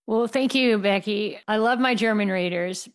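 A woman's voice: medium pitch, moderate pace, clear, resonant tone. A woman from the United States, an author answering interview questions in a candid, passionate way and laughing wryly. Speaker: author guest.

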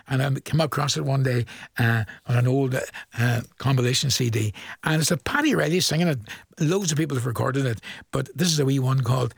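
Recorded cleanly in a radio studio with no room sound, an older presenter from Northern Ireland speaks in a fairly high, creaky voice with a breathy edge. He chats in a homespun manner, chuckling often as he passes along casual greetings from listeners.

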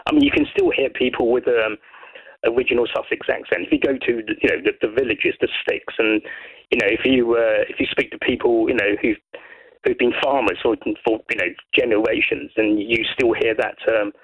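Gravelly man rambling on a phone line. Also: mid-range voice, sing-song, brisk. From Brighton, England. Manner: hesitant, repeats words, rambling. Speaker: caller. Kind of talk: phone-in chat. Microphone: telephone.

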